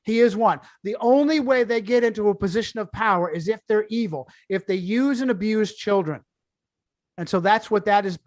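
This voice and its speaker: A man's voice: high-pitched, no room sound. Emphatic sarcastic man, dry close mic. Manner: emphatic, sarcastic, rapid-fire. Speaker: guest author. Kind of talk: podcast discussion.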